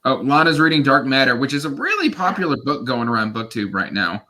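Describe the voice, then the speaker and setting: A man's voice: medium pitch, animated, fast, bright, forceful tone, a little hiss or hum. A man hosting a casual reading livestream, chatty and self-deprecating, with lots of fillers. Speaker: livestream host. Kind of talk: casual chat.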